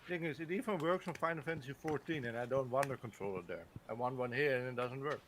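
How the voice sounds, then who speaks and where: A man chats casually while he streams a game, wandering through his stories with frequent restarts and loose fillers. His voice sits at an ordinary middle pitch, with a clear layer of steady noise running under the recording. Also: fast talker. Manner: rambling, many restarts and hedging fillers. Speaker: streamer host. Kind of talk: casual chat while gaming.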